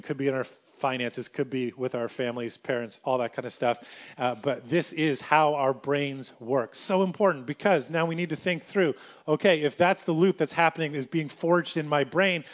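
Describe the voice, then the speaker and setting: A man preaching a sermon in an animated way, acting out everyday scenes as he talks. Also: on the high side, normal speed.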